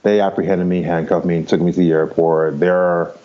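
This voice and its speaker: A man in his fifties, a podcast guest, candidly recounts his life in a rambling, frank way, swearing casually and laughing easily. His voice is low and his tone level as he talks briskly. The highs are cut off in the audio.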